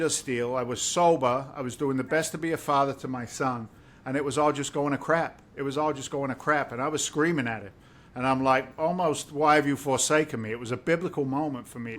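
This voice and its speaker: A man's voice: a little high, fairly bright tone. A middle-aged man from the United Kingdom, a guest on a podcast, telling his life story in an emphatic, emotional, preacher-like way. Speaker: guest, real estate investor.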